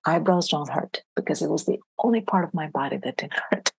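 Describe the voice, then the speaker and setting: A woman's voice: deep voice, brisk, creaky, breathy edge, dry recording, poor audio. A woman being interviewed as a leadership coach, talking earnestly in casual conversation and dropping to a near-whisper for emphasis.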